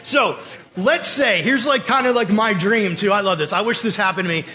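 High-voiced, energetic young preacher man. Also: normal speed. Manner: energetic, conversational, acts out quoted voices. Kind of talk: casual sermon with storytelling.

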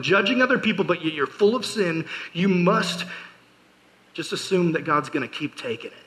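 A man's voice: fairly high pitch, bright, forceful tone, poor audio. A man preaching a casual youth sermon, chatty and storytelling, full of fillers and joking asides. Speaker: youth pastor.

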